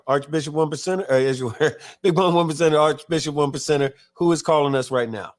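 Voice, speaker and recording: Man hosting, higher-pitched voice. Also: fast talker, few pauses. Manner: reads viewer comments aloud, stumbles and restarts often. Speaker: podcast host. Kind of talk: casual live-show chat.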